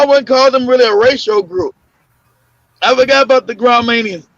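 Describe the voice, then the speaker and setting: A very high-pitched, slightly bright-voiced man talks briskly as host of a casual podcast talk show. His loose storytelling is full of fillers, restarts and laughs; there's no echo, but the lo-fi audio is muffled.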